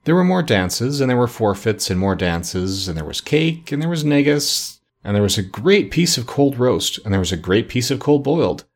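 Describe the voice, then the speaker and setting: Husky-voiced man reading a story. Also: medium pitch. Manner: measured, expressive reading. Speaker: narrator. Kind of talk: audiobook narration.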